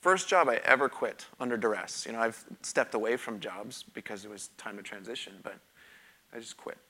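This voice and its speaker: A man's voice: fairly low pitch, a little fast, sharp tone. A middle-aged man preaching a sermon, telling his own story in a candid, conversational way with emphatic repetition. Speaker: pastor. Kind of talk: sermon with personal testimony.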